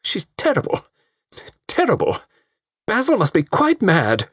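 An anxious, doting older mother, as a male reader voices her, pitched very high and full of indignation. The husky voice is recorded dry and close. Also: wildly swooping pitch, measured pace, a bit bright, no room sound, exaggerated voice. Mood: distressed.

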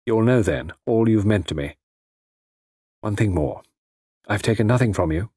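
A man's voice: on the low side, lively intonation, moderate pace, mellow, breathy edge, no echo, clean studio sound. A man playing an intense young man, once a gigolo, who pleads earnestly and with passion.

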